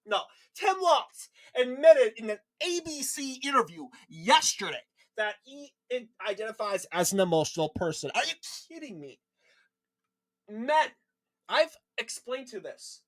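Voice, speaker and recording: A man's voice: very high-pitched, very animated, a little slow, a bit bright. A man from Minnesota giving an opinionated political rant, indignant and combative, firing off rhetorical questions. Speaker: political commentator.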